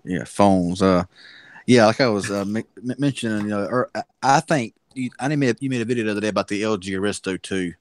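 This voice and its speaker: A man's voice: lowish voice, fairly quick, a little hiss or hum. A man co-hosting a tech livestream, talking casually and hesitantly, often restarting his sentences.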